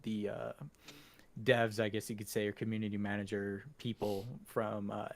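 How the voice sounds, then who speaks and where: A man's voice: fairly low pitch, monotone, normal speed, gravelly, slight background noise. A man co-hosting a gaming podcast in casual chat, rambling and laughing often. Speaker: podcast co-host. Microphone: home computer setup.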